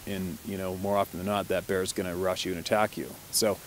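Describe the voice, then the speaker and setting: A man, a hunting guide, telling a story in a relaxed, chatty way, laughing often and swearing mildly. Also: low-pitched, fast talker, slight background noise. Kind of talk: casual storytelling to camera.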